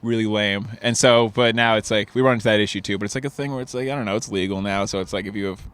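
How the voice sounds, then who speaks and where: Rambling stoned young man, low voice. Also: fairly even intonation, quick pace, a bit bright, clean tone, dry recording. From New Jersey. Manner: rambling, laid-back, swears a lot, laughs often. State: high. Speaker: guest comedian. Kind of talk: casual chat. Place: outdoors on a porch.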